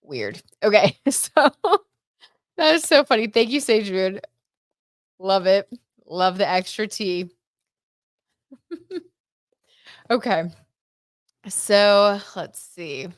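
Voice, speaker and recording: With a mid-range, expressive voice, this woman speaks slowly and leaves long pauses. She hosts a casual tarot livestream, chatting, reading viewer comments aloud, and often saying "like" and "I don't know"; the recording is dry and studio-quality.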